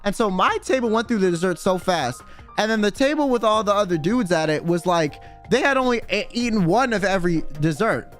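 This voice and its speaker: A young man streamer telling a rowdy story in casual chat, animated and swearing often as he acts out quotes. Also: high voice, fairly quick, soft background music.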